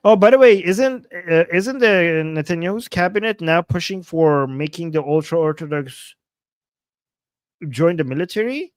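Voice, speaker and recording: A man's voice: a little high, expressive, measured pace, no room sound. A man hosting a casual livestream in his non-native English, reading viewer comments and often restarting his sentences earnestly. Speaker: livestream host.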